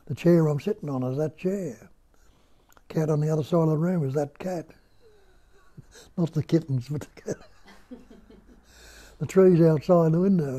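An older man with an Australian accent, giving a slow, musing spiritual talk at home and putting rhetorical questions to his listeners. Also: a little high, dark tone, slightly rough. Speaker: spiritual teacher. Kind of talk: unhurried nondual teaching talk. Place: indoor room at home.

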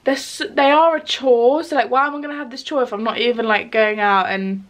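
Young British woman vlogger, high-pitched, rambling and chatty, lots of "like". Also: steady tone, a little fast. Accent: British English. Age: young adult. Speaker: university student vlogger. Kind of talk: casual vlog chat.

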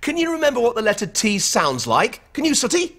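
A man presenting a children's puppet show, lively and playfully exasperated, often laughing as he scolds the puppets. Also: very high voice, a little fast. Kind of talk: lively scripted banter with puppets.

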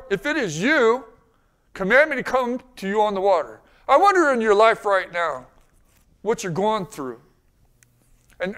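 A man pastor preaching a sermon, asking the congregation rhetorical questions and swinging between hushed and loud passages. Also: very high-pitched.

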